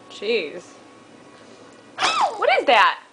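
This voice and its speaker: A woman's voice: fairly high pitch, sing-song, very slow, noisy background. A woman at home talking sing-song baby talk to a toddler, patiently coaxing and repeating her questions. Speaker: parent teaching a toddler.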